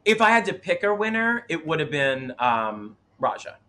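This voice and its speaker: A man's voice: fairly high pitch, very animated, moderate pace, bright, forceful tone. A man in his thirties co-hosting a casual chat, talking dramatically and acting out other people's voices. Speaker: co-host.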